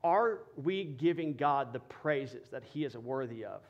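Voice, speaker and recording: A male pastor preaching a sermon, building from quiet explanation to loud, passionate emphasis. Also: medium pitch, expressive, unhurried, muffled recording. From Texas.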